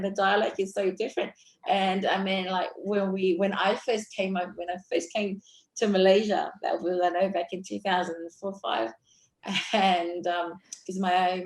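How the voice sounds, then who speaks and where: A woman from the Cocos Keeling Islands with an Australian accent, talking loosely as an interview guest with many fillers. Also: medium pitch. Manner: loose and rambling, full of "you know" fillers. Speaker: guest, visitor centre worker. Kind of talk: casual interview chat.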